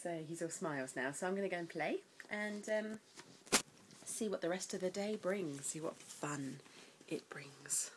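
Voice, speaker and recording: A woman chatting casually in a home vlog, sometimes breaking into high baby talk. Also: a little slow, slight background noise, poor audio. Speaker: vlogger.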